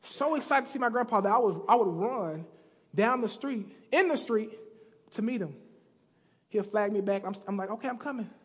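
High-pitched guy preaching, tells stories and does little slang voices, church reverb trailing off. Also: moderate pace, breathy edge. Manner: acts out characters with slang voices. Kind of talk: sermon storytelling. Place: church sanctuary.

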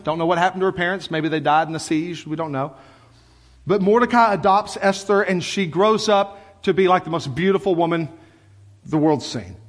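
A middle-aged pastor preaches in a high, bright register, carried by a long reverb through the church sanctuary. He tells stories in an animated, conversational way, full of asides to the congregation. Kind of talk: sermon.

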